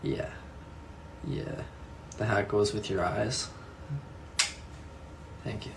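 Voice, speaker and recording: A man's voice: fairly low pitch, drawn-out words, vocal fry, background noise. Easygoing young man chatting to viewers. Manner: relaxed, repeats his own answers, laughs often. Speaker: streamer reading and answering viewer comments. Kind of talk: casual live chat.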